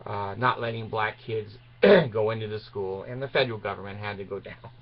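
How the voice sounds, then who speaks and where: A man's voice: lowish voice, brisk. Guy in his 60s from utah, rambly storyteller, chuckles a lot, muffled lo-fi audio. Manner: digressive, chuckling, trails off often. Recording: dull lo-fi recording.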